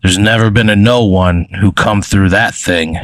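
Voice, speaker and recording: A man's voice: on the low side, steady tone, normal speed, a bit bright, dry recording, close to an everyday voice. A man voicing a crude, scoffing old male pencil-eraser creature in a tabletop game. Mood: mocking. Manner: coughing, scoffing.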